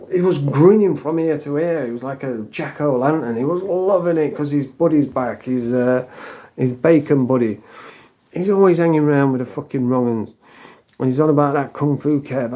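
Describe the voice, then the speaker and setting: A man's voice: mid-range voice, mellow. A man ranting in a crude, mocking vlog, laughing at his own jokes. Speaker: online commentator.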